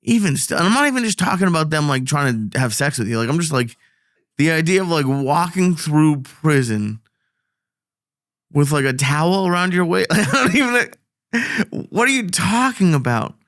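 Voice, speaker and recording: A man's voice: a little high, very animated, moderate pace, fairly bright tone, dry recording, clean studio sound. A man co-hosting a casual talk show, laughing often and talking in hesitant, filler-heavy bursts. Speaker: podcast co-host. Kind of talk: casual chat.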